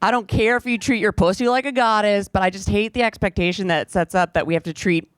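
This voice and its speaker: A young woman with a low voice performing a stand-up comedy set on a club stage with a handheld mic, dry and self-deprecating. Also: fast talker, smooth, no room sound. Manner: dry, self-deprecating delivery with sudden high-pitched voiced asides.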